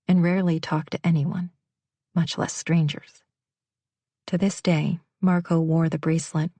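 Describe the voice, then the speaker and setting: A woman narrating a romance audiobook in an even, measured storytelling manner on a close studio mic. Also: low voice, no room sound.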